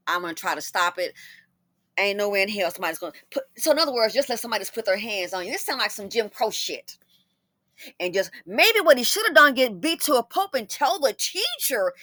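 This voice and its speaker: Blunt, indignant woman commentator, high and animated, dry close mic. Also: dry recording. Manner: indignant, blunt, swears, talks back at the people in the clips. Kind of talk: heated commentary on a news clip.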